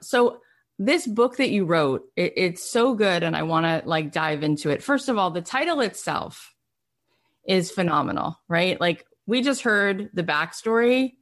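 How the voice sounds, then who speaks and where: A woman's voice: on the low side, lively intonation, a little slow. A woman hosting an interview, asking chatty, enthusiastic questions. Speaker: interview host. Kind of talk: casual interview.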